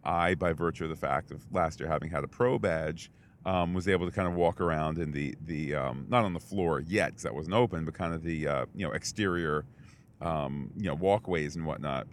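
A man's voice: very deep voice, normal speed, slight background noise. A man co-hosting a podcast in casual chat, telling a story in a rambling way with many fillers and restarts. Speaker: podcast co-host.

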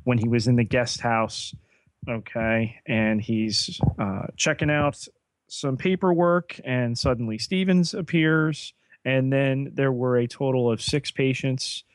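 A man's voice: mid-range voice, steady tone, no echo. A man co-hosting a podcast, casually walking through a TV episode's plot with frequent ums and uhs. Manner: unhurried plot summarizing with fillers. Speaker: podcast co-host.

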